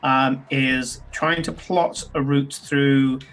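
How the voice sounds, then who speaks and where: Narrating as the game master of a tabletop game, a man speaks slowly in a steady, mid-range, fairly bright voice. He describes things loosely, with frequent ums and restarts.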